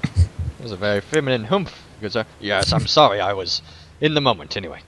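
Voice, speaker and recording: A man's voice: on the low side, lively intonation, a little fast, fairly bright tone. A man giving casual gaming commentary, joking and laughing often while he plays. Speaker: game player.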